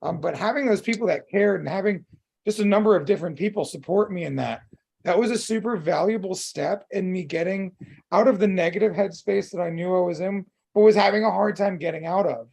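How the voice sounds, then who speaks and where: A man with a high, husky voice and a gravelly edge, speaking candidly as a podcast co-host. He talks openly about his feelings, swearing freely and stringing thoughts together with plenty of "um" and "like.". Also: a little fast, darkish tone. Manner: open and emotional, swears freely, many fillers. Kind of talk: candid casual chat.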